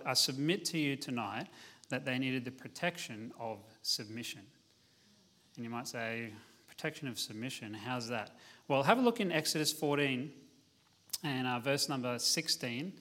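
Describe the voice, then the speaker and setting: A man's voice: mid-range voice, a bit bright. Man preaching in a conversational way. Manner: conversational preaching, reads scripture aloud. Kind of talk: sermon.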